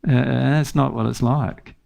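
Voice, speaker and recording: A man's voice: medium pitch, fairly even intonation, moderate pace, gravelly, darkish tone. Earnest man teaching, laughing often. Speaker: spiritual teacher. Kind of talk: informal teaching talk.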